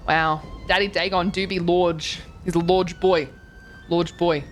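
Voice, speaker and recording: A woman's voice: on the low side, animated, normal speed, soft background music. A young woman streaming a game, chatting casually, reading chat aloud and reacting with gasps and swearing. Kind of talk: casual live-stream chat while touring game houses.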